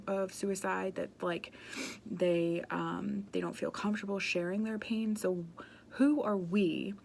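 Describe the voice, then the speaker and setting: A woman's voice: mid-range voice, vocal fry, a little mellow, slight background noise. A woman giving an earnest, passionate talk about emotional wellbeing, speaking conversationally with frequent "um" and "like" fillers.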